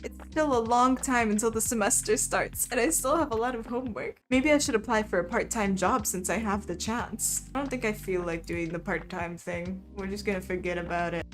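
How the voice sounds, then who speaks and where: A woman's voice: medium pitch, brisk, few pauses. A young woman streaming a game, reading a visual novel aloud with casual, wry asides and laughter. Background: faint background music.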